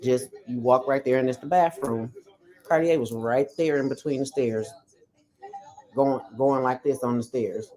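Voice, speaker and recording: A woman's voice: a bass voice, measured pace. Blunt, profane woman telling her story. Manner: animated, acts out quoted lines. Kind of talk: casual chat.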